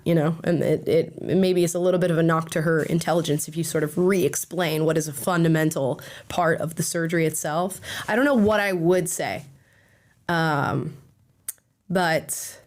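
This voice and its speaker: Slightly hoarse, chatty young woman. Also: lowish voice, darkish tone. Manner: chatty, rambling with many fillers. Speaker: host. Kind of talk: casual livestream commentary.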